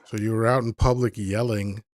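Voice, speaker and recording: A man's voice: fairly low pitch, fairly even intonation, brisk, no echo. Rambling easygoing man hosting live. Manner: rambling, easygoing, thinks aloud with many fillers. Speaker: host of a live call-in stream. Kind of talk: casual chat. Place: live online stream.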